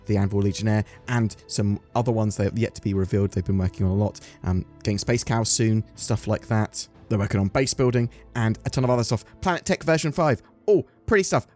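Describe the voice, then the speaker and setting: An English man hosting a gaming news channel, reading through a development report at a brisk clip before a casual sign-off. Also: medium pitch, darkish tone. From England. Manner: brisk, rapid delivery. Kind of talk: reading a dev report then casual outro.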